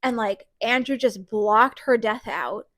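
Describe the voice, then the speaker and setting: Woman vlogger, fairly high voice, dry close sound, casual and emphatic book talk. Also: takes it slowly, no echo. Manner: emphatic and animated, frequent "like". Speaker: book reviewer. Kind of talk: casual book review vlog.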